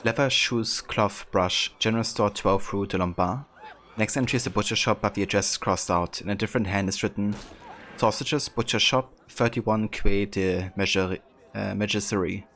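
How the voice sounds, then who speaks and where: Low-voiced man streaming a game. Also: steady tone, normal speed, a bit bright, a little hiss or hum. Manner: dry, musing, reads in-game text aloud. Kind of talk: casual let's-play commentary, reading clues aloud.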